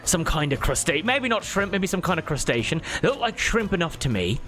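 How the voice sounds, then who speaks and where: A man's voice: on the high side, big pitch swings, a little fast, fairly bright tone, soft background music. Man playing a cocky towering pirate captain. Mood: aggrieved. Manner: swaggering, flirtatious and smug.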